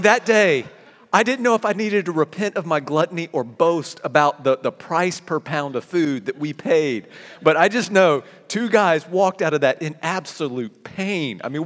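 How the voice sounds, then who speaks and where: A man preaching a sermon as a pastor, animated and given to sudden emphatic bursts. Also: sits high. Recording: long hall reverb.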